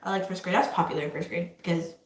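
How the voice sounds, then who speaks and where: A woman's voice: lowish voice, steady tone, fast, slight background noise, rough recording. A woman, the host's daughter, telling rambling stories in casual livestream chat.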